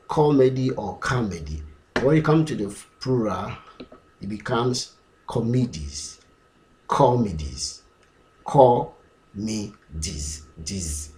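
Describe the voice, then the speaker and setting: A man teaching pronunciation, drilling words slowly and repeating them many times. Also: mid-range voice, a little mellow, slight background noise. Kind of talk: slow, repetitive pronunciation lesson.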